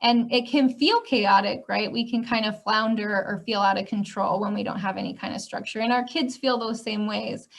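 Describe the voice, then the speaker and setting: A woman from Minnesota with a Minnesota accent, a school counselor explaining parenting strategies gently, often adding 'um' and 'right?'. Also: mid-range voice, steady tone, normal speed, vocal fry, hardly any pauses. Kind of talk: parenting presentation.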